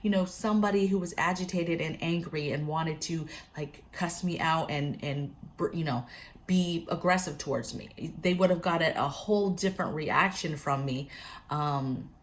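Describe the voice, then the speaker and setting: A woman's voice: low voice, moderate pace, a little hiss or hum. A woman telling a story and giving advice to camera in a casual, chatty prepping vlog, often speaking straight to her viewers. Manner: chatty, keeps addressing viewers directly. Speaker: prepping vlogger.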